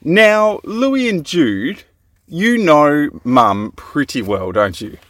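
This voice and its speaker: A woman with a strikingly low voice hosts a radio-style show, chatting playfully with young children. Her delivery is upbeat and coaxing, swinging widely up and down in pitch. The recording is dry and close, with no room sound. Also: big pitch swings, slow, no echo. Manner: upbeat, coaxing, laughs often.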